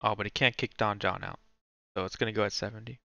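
A lowish-voiced man talks fast with fairly even intonation and a bright, forceful tone while ranking movies for his stream. It's rambling, profanity-laced self-talk, casual thinking aloud. There's no room sound, but the highs are cut off.

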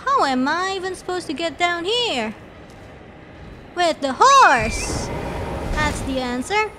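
High-voiced playful woman streamer. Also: sing-song, takes it slowly, noisy background. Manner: playful and teasing, laughs often, sudden squeals. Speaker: virtual streamer. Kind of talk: casual gameplay commentary. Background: game music.

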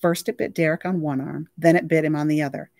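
A library reader reading a novel aloud with lively, expressive storytelling. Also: medium pitch, fast talker, gravelly, no echo, studio quality.

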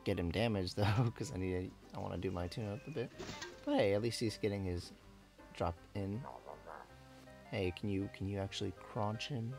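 A man's voice: fairly low pitch, normal speed, vocal fry, over music. A man giving casual, rambling commentary while he plays a game, often correcting himself and laughing at his own slips. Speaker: let's play gamer.

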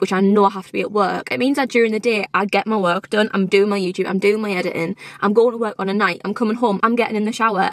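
A woman's voice: medium pitch, no room sound. A chatty woman, rambling casually to camera from inside a car, often laughing. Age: 20s. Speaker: vlogger. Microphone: phone or camera in a car.

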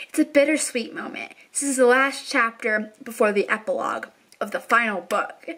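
Book vlogger, young woman, bright and excitable, high-ish voice, casual chat. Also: normal speed. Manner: chatty, excitable, filler-heavy. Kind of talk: casual reading vlog.

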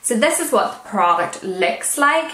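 A woman's voice: on the high side, very animated, measured pace, bright, forceful tone. A woman with a Northern Irish accent, chatting casually as she reviews beauty products with wry asides. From Northern Ireland. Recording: roomy echo.

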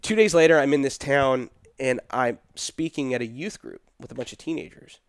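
A middle-aged man telling a personal story in casual conversation, animated and quoting the people in it. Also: mid-range voice, moderate pace, smooth, dry recording, clean studio sound. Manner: animated, quotes people in his story, laughs between. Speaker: guest telling his story.

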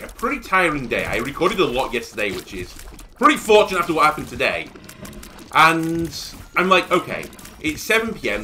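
A young man giving casual let's-play commentary, telling stories in an animated way that rises to exasperated shouts. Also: medium pitch, slight background noise. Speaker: gaming YouTuber.

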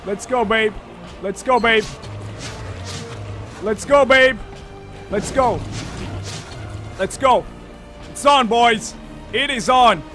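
A man commentating his own gameplay on a live stream, thinking aloud with lots of fillers and breaking into loud, excited shouts. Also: very high-pitched, slow, long pauses, soft background music. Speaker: game streamer.

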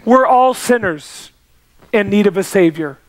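A man's voice: expressive, unhurried. A man preaching a sermon as pastor, telling stories and pressing each point with repetition. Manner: emphatic preaching with repetition and rising pitch.

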